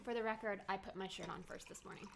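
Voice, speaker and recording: A soft-spoken woman talks at home, the author's wife, with a heartfelt, tearful manner. She chats casually, then reads a chapter aloud in a gentle voice. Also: medium pitch, quick pace, creaky, background noise. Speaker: author's wife, guest reader.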